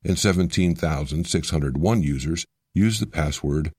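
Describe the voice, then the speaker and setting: Male voice-over narrator, very low pitch, dry close sound, measured explainer read. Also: darkish tone, husky, no echo. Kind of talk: scripted narration.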